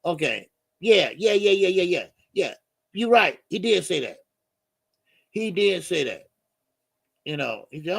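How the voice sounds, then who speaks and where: A man's voice: a little high, expressive, normal speed, creaky, pauses often, a bit bright, dry recording. A man hosting a casual boxing live stream, rambling loosely, repeating himself and answering the chat. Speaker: boxing channel host.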